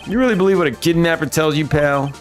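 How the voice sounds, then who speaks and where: A man voicing a blunt, gruff male police detective who keeps calling people pal. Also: fairly high pitch, fast talker, faint music behind, voice pushed up, natural voice. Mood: brash. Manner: brash, keeps saying "pal".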